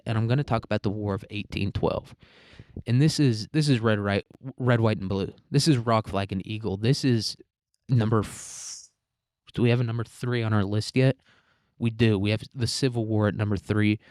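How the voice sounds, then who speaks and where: A man's voice: on the low side, darkish tone, no echo, studio quality. A young man in his twenties, rambling crudely through a casual ranking chat with lots of filler words and laughter.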